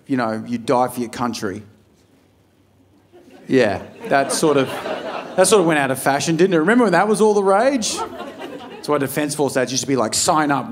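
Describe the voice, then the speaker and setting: An Australian man doing a stand-up set, telling stories in a loose, profane, animated way and acting out what people said. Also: medium pitch. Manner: profane, animated storytelling with acted-out quotes. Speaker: stand-up comedian. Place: comedy club stage before a live audience. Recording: live club crowd audible. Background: audience laughter.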